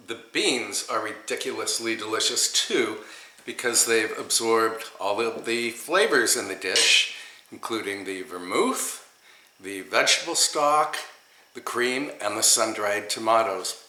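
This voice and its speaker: Male cooking host, bright and chatty, slow delivery, recorded in a roomy kitchen. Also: lowish voice, a little hiss or hum. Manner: chatty, enthusiastic, talks through each step. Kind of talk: home cooking demonstration. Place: home kitchen.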